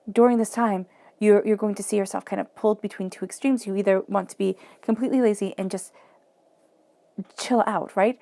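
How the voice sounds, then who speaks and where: A woman's voice: medium pitch, gravelly, warm tone, dry recording. A woman giving a flowing, encouraging tarot reading, often acting out quoted self-talk. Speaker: tarot reader.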